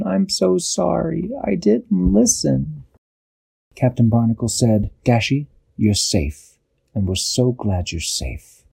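Husky-voiced man telling a bedtime story. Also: medium pitch, no echo. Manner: animated, acts out characters with occasional restarts.

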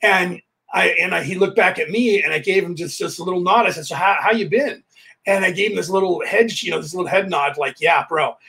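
High, husky man telling stories. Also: fast talker. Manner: animated, re-enacts dialogue while telling stories. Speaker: podcast host. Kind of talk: casual anecdotal storytelling.

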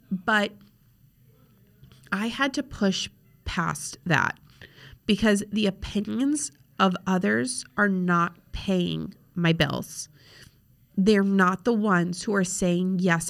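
A young social media coach hosts a podcast at her home desk with a laptop, chatting openly and casually with plenty of fillers. Her voice is mid-range and gravelly, and she speaks slowly.

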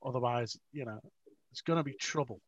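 A man voicing an exasperated, gruff shop boss in an anecdote. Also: mid-range voice, fairly quick, no echo, far from the mic, muffled recording, lightly acted. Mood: warning.

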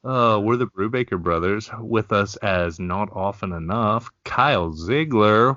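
A man's voice: on the low side, a little slow, hardly any pauses, fairly bright tone, no room sound. A man co-hosting a crude comedy podcast, joking and laughing often. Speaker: podcast co-host. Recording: dull lo-fi podcast audio.

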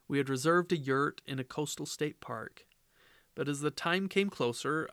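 Male podcast host: earnest, measured, middle pitch, dry close mic. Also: fairly bright tone, no room sound. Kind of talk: reflective podcast commentary.

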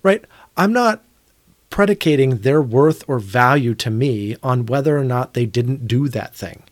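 A man's voice: mid-range voice, normal speed, dry recording, studio quality. A man in his thirties co-hosting a podcast, talking earnestly and thinking aloud, sometimes restarting his sentences. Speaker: podcast co-host. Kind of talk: reflective conversational discussion.

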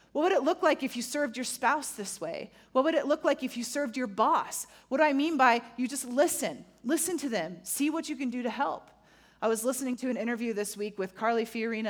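Woman preaching, chatty and lively, keeps saying right, voice a bit high. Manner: conversational, animated, asks "right?" often. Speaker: pastor. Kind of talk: sermon.

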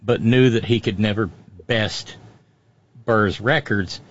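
A man's voice: fairly low pitch, slow pace, highs cut off. A man giving wry, storytelling commentary as a regular on a radio talk show, often restarting his sentences.

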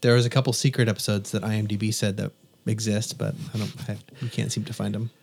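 A man's voice: lowish voice, little pitch movement, quick pace, vocal fry, darkish tone, husky. A man co-hosting a casual podcast, asking playful, naive questions. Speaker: podcast co-host.

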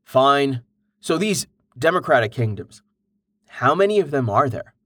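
A man voicing a curious, impatient young man who asks question after question in a slow, dry read. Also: mid-range voice, sing-song, a bit bright, breathy edge, no room sound, full character voice. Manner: inquisitive, exasperated questions.

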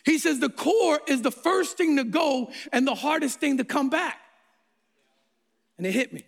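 A man's voice: very high-pitched, lively intonation, normal speed, creaky. A middle-aged man, a pastor, preaching a sermon that opens with a self-mocking personal story, talking animatedly and often repeating words. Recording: long hall reverb.

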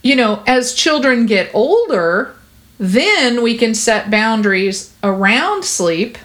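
A woman's voice: on the high side, expressive, slow pace, fairly bright tone. Woman, parenting guest; earnest, reassuring, conversational. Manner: earnest, reassuring, talks with many fillers. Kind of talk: conversational interview.

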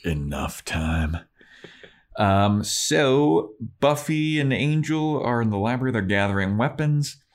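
A man's voice: mid-range voice, a little slow, hardly any pauses. A man co-hosting a podcast, casually recapping a TV episode in a loose, profane storytelling manner. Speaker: podcast co-host.

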